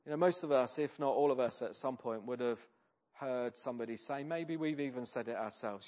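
A man delivers a sermon at an ordinary pitch, earnest and conversational, leaning on tag questions to draw his listeners in. The recording is a little dull and lo-fi. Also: a little fast, darkish tone. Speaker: preacher.

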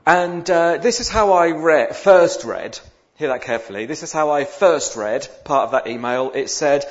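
A man's voice: a little high, animated, moderate pace, muffled recording. A male minister giving a sermon in a chatty, self-deprecating way. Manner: chatty and self-deprecating, with dramatic psalm reading. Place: church.

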